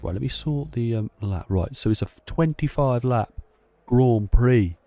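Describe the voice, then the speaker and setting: A man's voice: mid-range voice, lively intonation, measured pace, warm tone. A man chatting casually to himself while playing a racing game. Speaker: gameplay streamer. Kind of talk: casual gameplay commentary.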